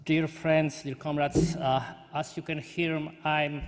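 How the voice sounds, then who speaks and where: Polish man giving a halting hall speech. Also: on the high side, level tone, a little hiss or hum. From Poland. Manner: halting, searching for words, earnest. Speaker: conference delegate speaker. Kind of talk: conference speech. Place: large conference hall. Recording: long hall reverb.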